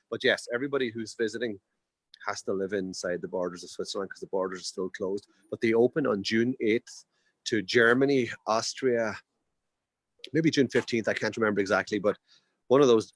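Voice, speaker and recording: A man's voice: mid-range voice, no echo. A man, a hotel owner in the Alps, chatting as a guest on a video call, rambling and correcting himself as he tells his story. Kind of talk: casual video chat.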